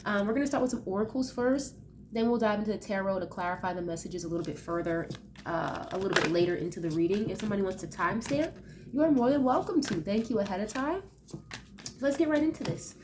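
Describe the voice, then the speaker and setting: A woman's voice: medium pitch, fast talker, background noise. Chatty woman with a nasal voice. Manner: chatty, loose, full of fillers and asides. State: nasal from allergies. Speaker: tarot reader. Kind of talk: casual tarot reading.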